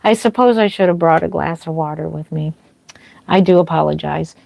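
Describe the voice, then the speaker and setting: A woman's voice: low voice, moderate pace, vocal fry, a little mellow, dry recording. A woman hosting a livestream as a reborn doll artist, chatting with viewers, thanking them by name, with lots of fillers and a slightly dry throat. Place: home nursery. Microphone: wearing a microphone.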